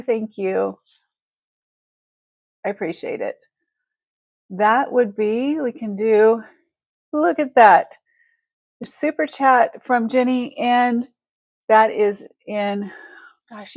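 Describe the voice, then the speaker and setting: A woman's voice: a little high, a little mellow, no echo. A woman hosting a casual live-stream, chatty and effusive as she thanks viewers and shows jewelry. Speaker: livestream jewelry seller.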